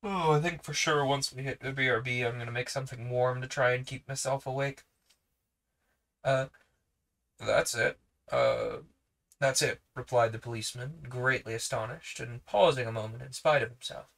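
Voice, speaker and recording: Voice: mid-range voice, moderate pace, fairly bright tone. A sleepy reader narrating a children's novel aloud with casual asides. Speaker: podcast reader.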